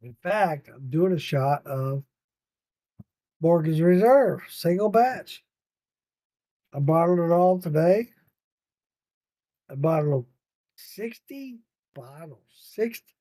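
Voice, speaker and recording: Late-night podcast host, male, tired and loose, swears a lot; mellow dark timbre, dry room. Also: a little high, expressive, slow, pauses often, no echo. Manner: rambling, swearing, laughing with viewers. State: tired, yawning. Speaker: podcast host reading live chat. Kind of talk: casual livestream chat.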